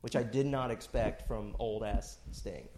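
A man's voice: fairly low pitch, measured pace, dark tone, a little hiss or hum. A man in his late twenties, co-hosting a podcast, telling a story in casual chat with dry asides and plenty of swearing. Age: late 20s. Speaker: podcast co-host.

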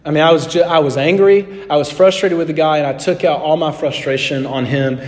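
Middle-aged guy preaching, tells a story animated then goes quiet, slightly high voice, echoey church. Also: fairly quick. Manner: animated anecdote, acting out dialogue, drops to soft tones. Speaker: pastor. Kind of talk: sermon storytelling. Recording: long hall reverb.

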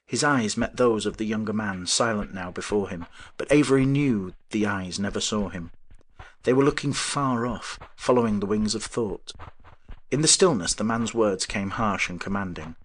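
A man reading an audiobook in steady, even-toned scripted narration. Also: on the low side, normal speed. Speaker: audiobook reader.

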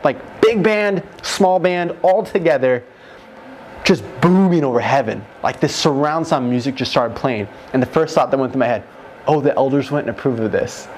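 A young man telling an emotional testimony in a group conversation, excited and rushed, full of "like", into a handheld mic. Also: mid-range voice, slight background noise. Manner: excited, rushed, fills speech with "like". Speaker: guest telling his near-death story. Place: room with other men holding mics.

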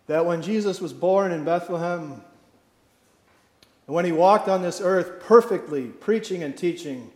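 A pastor delivering a sermon, slow and emphatic, dropping to soft, quiet phrases for effect. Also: male voice, sits high, roomy sound, in a large hall. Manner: slow emphatic preaching with dramatic drops in volume.

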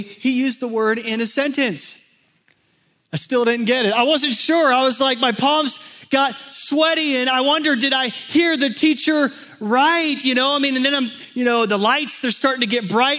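Bright high-voiced man telling a story. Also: moderate pace. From Texas. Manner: animated storyteller, acts out quotes, many fillers. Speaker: speaker. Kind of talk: storytelling talk.

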